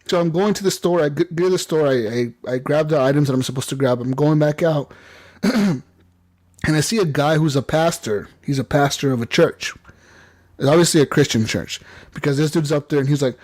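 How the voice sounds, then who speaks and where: Slightly high-voiced rambling storyteller man. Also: a little fast. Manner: rambling excited storytelling, lots of "like" and "you know". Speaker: podcast host. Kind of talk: casual gaming podcast chat.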